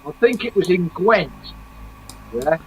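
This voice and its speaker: A man's voice: sits high, expressive, takes it slowly, husky, poor audio. A man from England co-hosting a casual live chat, asking questions and passing on news. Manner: chatty, asks questions, tells news. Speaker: co-host.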